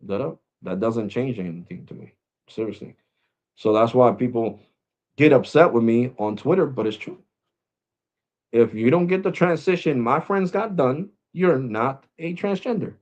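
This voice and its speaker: A man's voice: medium pitch, expressive, moderate pace, a little mellow, highs cut off. A man vlogging, ranting to his viewers in a blunt, mocking way. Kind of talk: opinion rant to camera.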